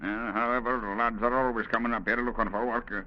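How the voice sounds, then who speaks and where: A man's voice: medium pitch, steady tone, brisk, natural voice. An actor playing a brusque, bossy camp foreman in a 1930s radio drama, dropping in Scottish words. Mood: evasive. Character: gruff middle-aged male camp foreman. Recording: dull lo-fi old radio recording.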